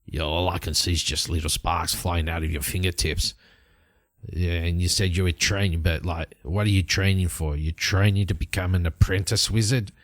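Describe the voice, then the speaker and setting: A man's voice: low voice, steady tone, moderate pace, dry recording, pitched below the performer's own voice, lightly acted. Man doing a grumpy, sarcastic adventurer. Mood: mocking. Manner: dry and mocking.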